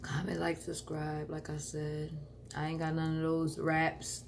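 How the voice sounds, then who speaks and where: A woman's voice: deep voice, little pitch movement, unhurried, creaky, slight background noise. A woman hosting a casual eating vlog, talking between bites in a loose, slangy way and often chuckling. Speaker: mukbang vlogger.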